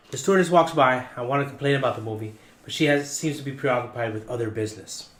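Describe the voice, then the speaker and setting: Brief: animated male storyteller on a podcast, mid-pitched, roomy echo, faint hiss. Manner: animated, jokey, rising in pitch for punchlines. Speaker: podcast guest telling a story. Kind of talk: casual storytelling.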